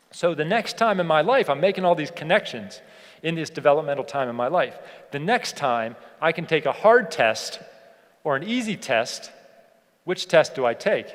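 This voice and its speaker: A man giving a motivational keynote speech to an audience. He asks them rhetorical questions and slows down to stress key points. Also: fairly high pitch. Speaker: keynote speaker. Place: large hall on stage. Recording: long hall reverb.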